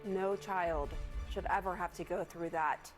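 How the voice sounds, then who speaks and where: A woman's voice: fairly low pitch, fairly even intonation, a little slow, soft background music. A woman news anchor delivering a story and interviewing guests in an earnest, pressing manner.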